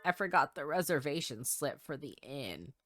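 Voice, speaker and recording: A man's voice: a little high, big pitch swings, normal speed, music in the background. A man voicing a timid, apologetic male pigeon teacher from a game, stammering and self-deprecating. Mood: anxious. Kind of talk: reading game dialogue aloud.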